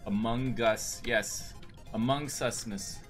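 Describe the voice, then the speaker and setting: A man's voice: medium pitch, steady tone, slow, soft background music. A man live-streaming a game, chatting casually with viewers in an upbeat, rambling way. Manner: upbeat, greets chat, rambling with restarts. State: hyped on energy drink.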